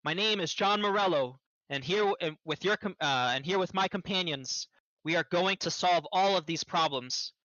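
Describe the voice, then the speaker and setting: A man voicing a male mage who booms out a plea to calm an angry crowd, in a dull lo-fi stream recording. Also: moderate pace. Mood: pleading. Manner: booming, earnest and pleading.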